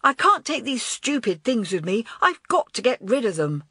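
A woman's voice: on the high side, sing-song, moderate pace, husky, no echo, studio quality, pitched above the performer's own voice, exaggerated voice. Woman doing a spiteful spoiled young actress. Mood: contemptuous. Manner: contemptuous, sharp, snapping.

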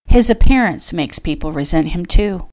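A kindly ranch woman who comforts with soothing, matter-of-fact words, as a woman reading her novel puts her on. Her voice is lowish and gentle in this storybook reading. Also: expressive, moderate pace, natural voice. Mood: reassuring.

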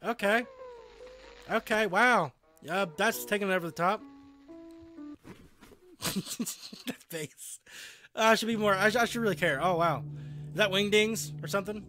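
A young man playing a video game and reacting with excited, swearing commentary, laughing often. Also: sits high, moderate pace, pauses often, soft background music. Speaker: let's player.

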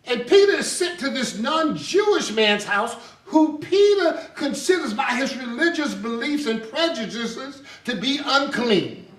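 A man preaching an animated sermon in a church, storytelling with laughter. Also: very high voice. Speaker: pastor. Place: church sanctuary. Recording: echoey sanctuary, distant mic.

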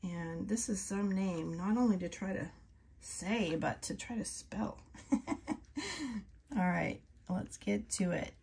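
Woman, husky voice, unhurried, soft-spoken, casual ink chat. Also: medium pitch, lively intonation. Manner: chatty, soft-spoken, drifts into whispers. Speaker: ink reviewer.

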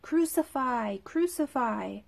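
A woman voicing an angry shouting crowd of men in a scripture reading, with a raised, insistent delivery. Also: sits high, expressive, takes it slowly, gravelly, pitched above the performer's own voice, heavily acted.

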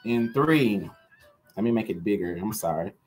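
A man hosting a live-stream jewelry sale, chatty and upbeat and talking straight to his viewers, with soft music behind. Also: fairly low pitch, animated, normal speed. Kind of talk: live-stream sales chat.

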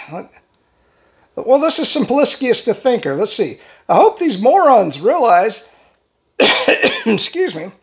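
A man's voice: high voice, a little mellow. A man ranting fired-up in political commentary, hosting his own channel. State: in pain from a neck injury.

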